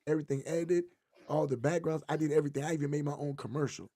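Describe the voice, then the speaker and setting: A man's voice: on the high side, racing. A man co-hosting a podcast, chatting casually and telling jokey stories with lots of energy. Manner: animated, joking storyteller. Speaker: podcast co-host. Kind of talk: casual chat.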